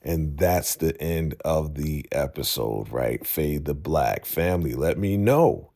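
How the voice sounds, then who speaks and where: A man hosting a casual show-recap vlog, telling the story in an animated way and acting out the scenes, speaking into a podcast microphone. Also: extremely low pitch, takes it slowly, gravelly.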